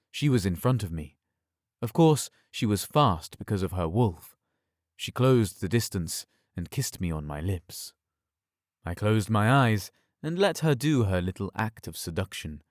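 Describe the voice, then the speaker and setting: A man narrating an audiobook in a scripted, measured storytelling delivery. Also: on the low side, no room sound, studio quality.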